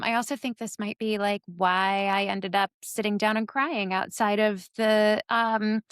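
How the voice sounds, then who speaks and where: A woman's voice: medium pitch, no echo, clean studio sound. A woman co-hosting a podcast in casual chat, rambling with many fillers and laughs. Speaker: podcast co-host.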